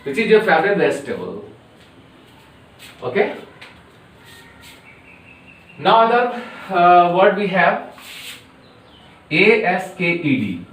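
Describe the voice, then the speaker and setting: Man, Indian English accent, pronunciation teacher, slow drilling repetition, distant mic. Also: high-pitched, big pitch swings, fairly bright tone. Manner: slow and deliberate, repeating each word many times. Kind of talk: classroom pronunciation lesson. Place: classroom or coaching centre. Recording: echoey room, voice from a distance.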